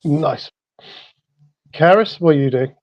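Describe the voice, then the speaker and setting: A man narrating as the storyteller of a tabletop game, relaxed and full of fillers. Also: on the high side, slow pace, dry recording. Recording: dull lo-fi sound.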